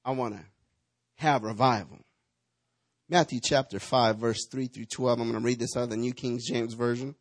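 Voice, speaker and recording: A pastor preaching a sermon, calling on the congregation to answer him, moving from hushed asides to rousing calls. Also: male voice, mid-range voice, fairly even intonation, moderate pace, dry recording. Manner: preachy call-and-response, shifting from hushed to rousing.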